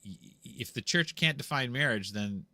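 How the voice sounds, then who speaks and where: A man's voice: mid-range voice, animated, moderate pace, pushed and bright, no echo. A man on a video call from home, explaining church law in a casual, rambling way, full of restarts and repeated words. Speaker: guest explaining canon law. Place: home room with a green screen.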